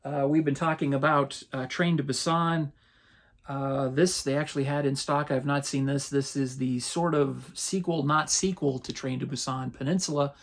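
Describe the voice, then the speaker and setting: A man, casually running through his latest movie purchases as a channel host, relaxed and rambling. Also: medium pitch, normal speed. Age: 50s. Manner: relaxed, rambling, chuckles often. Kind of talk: casual haul rundown.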